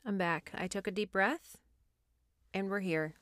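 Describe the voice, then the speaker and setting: A woman's voice: mid-range voice, a little slow, no echo. A woman hosting her own podcast, ranting with sass and exasperation and swearing freely, then recapping a reality show in casual talk with mumbled asides. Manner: animated, sassy, exasperated ranting with frequent swearing. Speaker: podcast host.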